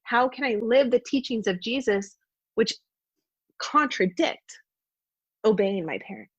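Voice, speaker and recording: Woman guest, husky, heartfelt testimony, dull dry podcast sound. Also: a little high, a little slow, dry recording. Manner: earnest, heartfelt storytelling. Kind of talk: personal testimony in conversation.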